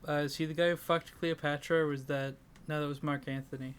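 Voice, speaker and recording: Rambling, sleep-deprived comedic podcast host. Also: male voice, on the high side, level tone, a little fast, clean tone. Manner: rambling, self-deprecating, breaks into laughter. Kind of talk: casual comedic chat.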